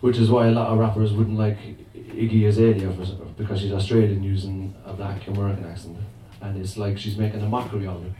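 A man's voice: fairly low pitch, little pitch movement, quick pace, hardly any pauses, warm tone. A man with an Irish accent performing comic spoken word rap at a live open mic, chatty and self-mocking. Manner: chatty, self-mocking, laughs between lines. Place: live performance venue with audience. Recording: echoey, distant, noisy live room.

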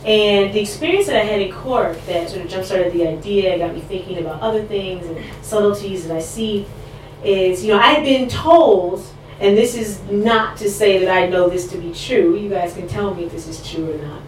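A woman performing spoken word poetry live, with a measured, rhythmic recitation and loose, laughing asides between pieces. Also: mid-range voice, a little mellow, a little hiss or hum. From United States. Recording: echoey distant live room recording.

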